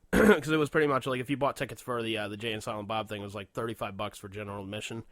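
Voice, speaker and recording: A man co-hosting a casual podcast, telling stories in an animated way with lots of swearing and laughter. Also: fairly low pitch, fast, dry recording. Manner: animated storytelling, heavy swearing, frequent laughter. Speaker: podcast co-host. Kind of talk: casual chat.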